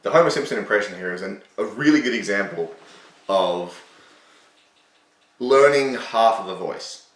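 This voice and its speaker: A man's voice: fairly low pitch, animated, moderate pace, pauses often, fairly bright tone, echoey room, distant mic. A man hosting a casual, self-mocking commentary on his own old video, sarcastic and swearing freely.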